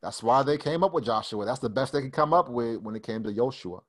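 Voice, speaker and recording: A man's voice: mid-range voice, fast talker. A man teaching a group over a video call in a casual, conversational way, often restarting and repeating himself as he explains. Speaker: Bible Hebrew teacher. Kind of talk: casual online study session. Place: online fellowship call.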